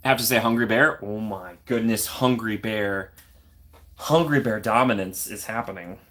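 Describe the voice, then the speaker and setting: A young man with a fairly low voice chats casually on his own livestream. He reads viewer comments aloud and reacts playfully, laughing often between remarks. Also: fairly quick, bright, forceful tone. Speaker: livestream host. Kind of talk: casual live chat reading comments.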